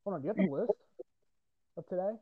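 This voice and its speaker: A young man from New Jersey talks in loose, swear-laden chat, laughing between rants. His voice sits a little high for a man. The sound is close and dry, with a muffled, lo-fi edge. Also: lively intonation, fast, breathy edge, dry recording. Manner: profane, laughing, ranting. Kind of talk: casual chat.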